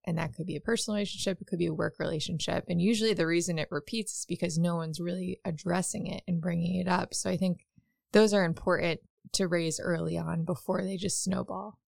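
A woman's voice: fairly low pitch, steady tone, fast, vocal fry, darkish tone, no room sound, studio quality. A woman co-hosting a podcast, giving casual conversational advice with lots of "like". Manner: conversational, many "like" fillers. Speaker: podcast co-host.

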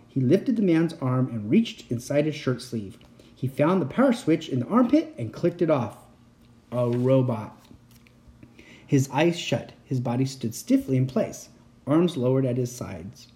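A man reading a children's book aloud as narrator, steady and expressive. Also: mid-range voice, a little slow. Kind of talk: storybook reading.

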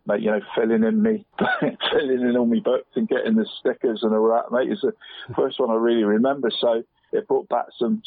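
A man's voice: medium pitch, no echo. A man in his forties on a radio show, chatting casually and rambling about football, dropping "mate" into nearly every sentence. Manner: rambling, says "mate" constantly. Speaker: football pundit guest. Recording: dry, tinny phone line.

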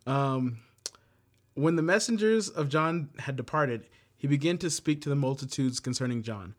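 A man leading a casual Bible study, with a voice of ordinary middle pitch. He reads scripture aloud and then explains it in plain talk. Joking asides break up the readings. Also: lively intonation, moderate pace.

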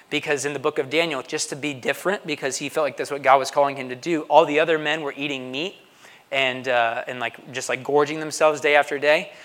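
A man's voice: mid-range voice, fairly bright tone. Man preaching in a reverberant hall. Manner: conversational preaching, often asks "right?". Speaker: pastor. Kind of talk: sermon. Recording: long reverb of a large hall.

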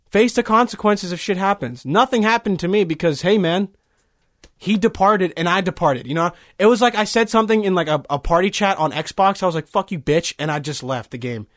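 High-voiced man rambling on a podcast. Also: no echo, clean studio sound. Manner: rambling, profane, heavy with fillers. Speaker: podcast host. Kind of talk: casual podcast rant. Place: small recording studio.

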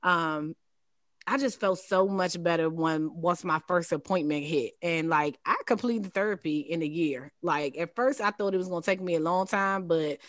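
A woman telling a personal story in casual chat, animated and laughing, jumping much higher when she quotes herself. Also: normal speed, no room sound, clean studio sound. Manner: animated, laughing, leaps high in quoted lines. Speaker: podcast guest.

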